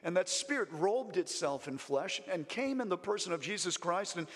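A man's voice: high voice, lively intonation, moderate pace, fairly bright tone. A man preaching a missionary report, fervent, stumbling over restarts and breaking into praise. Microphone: presentation mic in front of an audience. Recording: long reverb in a large hall.

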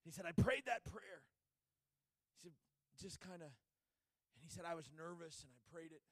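A man's voice: a little high, moderate pace, no echo. A man preaching a sermon, telling a story dramatically and acting out the people in it.

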